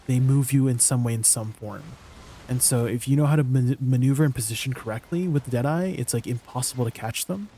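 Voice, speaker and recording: Young guy streamer, relaxed warm tone, keeps going "what do you mean" at chat. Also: medium pitch, fairly quick, a little hiss or hum. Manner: incredulous, teasing replies to chat. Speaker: game streamer. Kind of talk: live stream chat with viewers.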